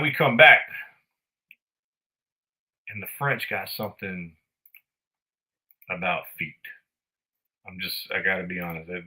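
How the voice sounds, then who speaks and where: Bright-voiced blunt man. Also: low voice, poor audio. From United States. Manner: animated, profane, blunt. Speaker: podcast host. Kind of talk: casual storytelling.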